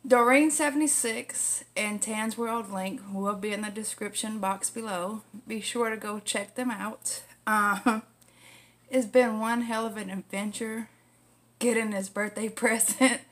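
A woman's voice: fairly high pitch, steady tone, a little slow. A woman vlogger chatting casually through an unboxing, laughing often, using salty language and getting emotional while thanking friends. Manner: emotional, near tears when thanking.

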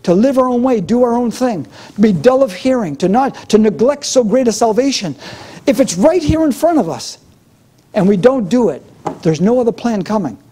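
A man's voice: very high voice, lively intonation, normal speed, warm tone. A middle-aged man preaching a sermon as pastor, with a fervent, repetitive preaching cadence.

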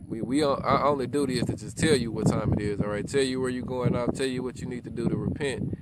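A man's voice: mid-range voice, steady tone, fast talker. A man preaching outdoors to a self-filmed camera, reading scripture in old formal wording and checking in with "all right?" after nearly every point. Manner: peppers talk with "all right?" and "you know what I'm saying". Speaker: street preacher. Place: outdoors in a rural spot. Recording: loud wind noise outdoors.

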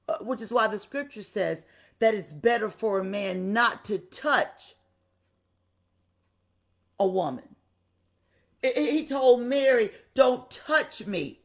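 A woman preaching a sermon with passion, repeating phrases for emphasis and talking straight to her listeners. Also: a little high. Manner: talks directly to the congregation.

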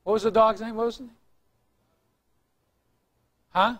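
A man preaching as a pastor, chatty and joking, teasing the congregation and asking them to shout. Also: high-pitched, normal speed. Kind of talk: sermon. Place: church. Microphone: recorded on tape in the room.

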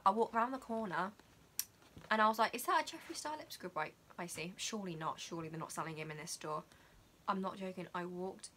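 A teenage girl, chatting excitedly and dramatically about her makeup haul. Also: medium pitch. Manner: gushing, dramatic, fast-talking. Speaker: beauty vlogger.

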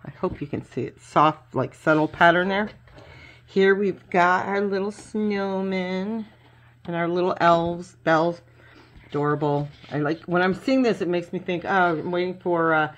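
A middle-aged woman chatting casually at her home craft table as she unboxes papers, gushing over each sheet with plenty of fillers. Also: on the low side. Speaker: craft vlogger. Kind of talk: casual unboxing show-and-tell.

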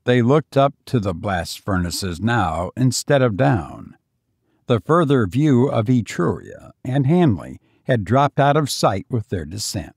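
A man narrating a classic story in a measured, dramatic way. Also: mid-range voice, very animated, darkish tone, husky, no echo, studio quality. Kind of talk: audiobook narration.

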